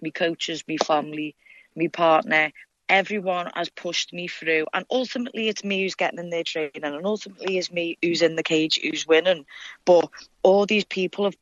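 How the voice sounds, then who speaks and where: A woman's voice: lowish voice, a bit bright, dry recording, muffled recording. A young woman with a Liverpool Scouse accent telling stories bluntly and swearing freely in a casual interview. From Liverpool, England. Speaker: guest fighter.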